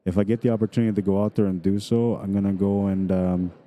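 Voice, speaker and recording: A man's voice: lowish voice, steady tone, quick pace, muffled recording. A middle-aged man from Manitoba with a Canadian accent, rambling casually as a pool stream commentator and reading viewer comments aloud.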